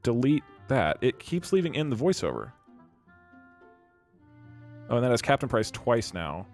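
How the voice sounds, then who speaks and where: A man's voice: mid-range voice, sing-song, unhurried, darkish tone, faint music behind. A young man hosting his channel, thinking aloud and rambling as he tinkers on screen. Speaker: YouTube streamer host. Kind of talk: casual commentary while working on screen.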